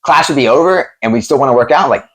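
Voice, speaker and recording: A man who promotes MMA and used to fight, telling gym stories in a casual interview, profane and animated, acting out what people said. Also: mid-range voice, quick pace. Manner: animated, profane, acts out quotes.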